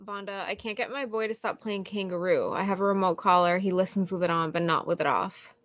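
Brief: female co-host reading questions, casual, mid-pitched, dry close sound. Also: steady tone, brisk, fairly bright tone, dry recording. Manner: casual, reads questions aloud. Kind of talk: podcast Q&A.

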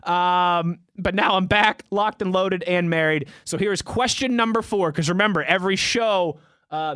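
A young man with a high, bright voice talks sports off the cuff, rambling and restarting as he reads through fan tweets. The sound is dry and close, with no room around it. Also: no echo. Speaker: podcast host answering fan tweets. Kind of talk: casual sports talk show chat.

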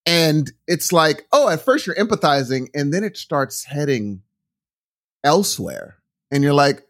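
A middle-aged man telling a story in casual podcast chat, rambling and animated, often restarting his sentences. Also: fairly high pitch, measured pace. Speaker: podcast co-host.

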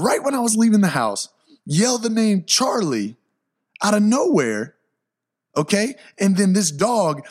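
Hyped, slangy young man podcaster. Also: on the high side. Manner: hyped, excitable, slangy, breaks into loud outbursts. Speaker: podcast host. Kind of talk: casual solo podcast storytelling.

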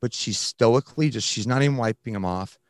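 A man, a guest on a talk show, telling his personal story candidly in casual slang, often halting and restarting. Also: mid-range voice, no echo, studio quality. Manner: blunt, casual, uses slang. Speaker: guest recounting his addiction recovery.

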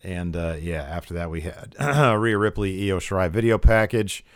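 A man's voice: sits low, normal speed. A man co-hosting a podcast, casually recapping a wrestling show with many fillers and acted-out quotes. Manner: retells events with many fillers, acts out quotes.

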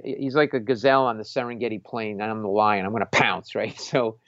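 Animated male comedian telling a story. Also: lowish voice, brisk, dry recording, dull audio. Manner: animated storyteller, acts out quoted voices, laughs often. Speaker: stand-up comedian, podcast host. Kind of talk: casual anecdote on a talk show.

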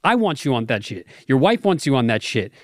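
A man's voice: mid-range voice, very animated, a little fast, dry recording. Dry-sounding profane co-host man. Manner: profane, mock-serious teasing. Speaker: podcast co-host. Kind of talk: casual podcast banter.

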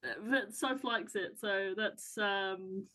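A woman's voice: mid-range voice, slow pace, bright, forceful tone. A woman co-hosting a podcast, chatting casually and teasing with frequent laughs. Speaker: podcast co-host. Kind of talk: casual chat.

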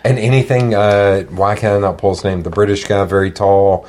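A man talking as a podcast guest, telling stories in a relaxed way and often stopping to search for names. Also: lowish voice, normal speed. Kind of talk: casual chat.

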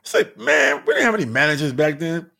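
This comedian's voice sits a little high, with vocal fry and a slightly quick pace. He spins road stories in a loose, animated way, full of profanity and frequent laughter.

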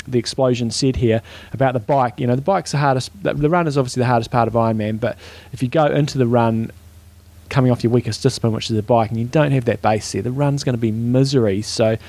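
A man's voice: medium pitch, fairly quick, dry recording. Dry-voiced New Zealand man chatting. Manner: relaxed and talkative, with frequent "um" fillers. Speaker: podcast co-host. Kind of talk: casual chat.

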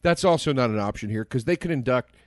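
A man's voice: medium pitch, lively intonation, fast, dry recording, clean studio sound. A young man co-hosting a podcast who rants in a gloomy, profane way during casual chat. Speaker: podcast co-host.

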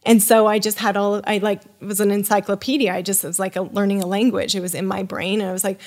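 Speaking quickly in a mid-range voice, a sommelier guesting on a podcast launches into an animated, casual story. She imitates the people she quotes, and her talk is loose and filled with "you know" and "like."

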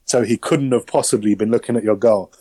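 A man's voice: lowish voice, brisk, dark tone, no room sound, rough recording. A man hosting a podcast, rambling about a film in slangy casual chat with lots of fillers. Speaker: podcast host.

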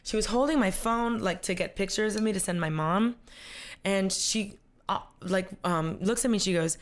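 A woman's voice: mid-range voice, fairly quick. A young woman telling a story as an interview guest, acting out quotes and laughing often. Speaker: guest, content creator.

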